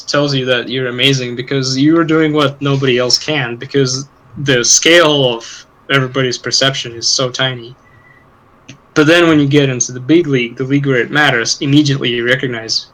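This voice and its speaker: A man's voice: medium pitch, steady tone, moderate pace, fairly bright tone, rough recording. A man co-hosting a podcast, rambling in casual chat with lots of swearing and laughter. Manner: rambling, profane, laughs often. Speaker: podcast co-host.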